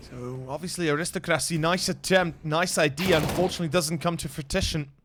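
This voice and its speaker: A young Slovenian man with a Slovenian accent, casting a match solo in English as a non-native speaker, building up loudly during action and chatting with viewers between plays. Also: a little fast, background noise. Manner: rises sharply in pitch and volume during action, chats with viewers between plays. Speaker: esports caster. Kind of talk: solo play-by-play commentary.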